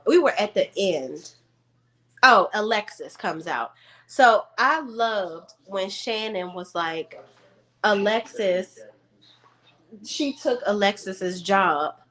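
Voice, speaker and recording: Sassy chatty woman recapping reality TV. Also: medium pitch. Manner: chatty, sassy, animated asides to viewers. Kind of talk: casual recap chat to camera. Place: room at home.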